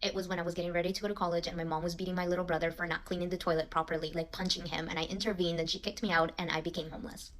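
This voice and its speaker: A woman recounting her childhood bluntly and matter-of-factly, in a quiet voice. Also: lowish voice, level tone, very fast, few pauses, a little hiss or hum. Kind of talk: personal storytelling.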